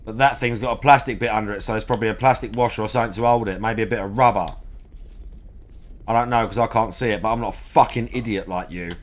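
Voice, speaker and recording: A man with a fairly low voice banters crudely, swearing and trading insults while he plays a game. His talk is offhand, and he keeps up his own running chatter beside his friend's. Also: steady tone, fast talker. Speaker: co-streamer playing a video game. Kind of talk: casual banter.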